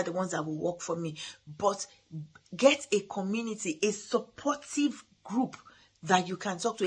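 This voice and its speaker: A middle-aged woman hosts a parenting podcast, giving an earnest motivational talk full of restarts. Her mid-range voice is a bit bright with a breathy edge.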